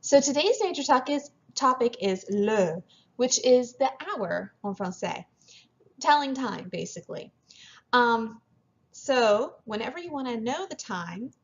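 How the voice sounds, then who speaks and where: A woman's voice: medium pitch, highs cut off. A woman teaching a French class, explaining step by step and mixing French phrases into her English. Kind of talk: classroom lecture over slides.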